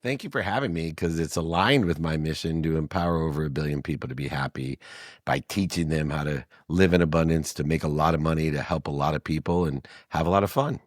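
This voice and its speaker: A man's voice: extremely low pitch, fast talker, dry recording, studio quality. A middle-aged man, an entrepreneur and speaker, telling an earnest personal story as a podcast guest. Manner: earnest, re-enacts dialogue in raised voices. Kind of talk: emotional storytelling.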